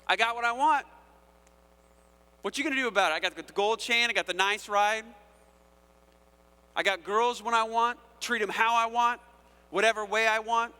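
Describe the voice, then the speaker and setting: A man's voice: sits high, moderate pace, long pauses, pushed and bright, clear, resonant tone, big-room sound, pitched above the performer's own voice. A man voicing an arrogant, boastful wicked man who taunts God in a swaggering, mocking way.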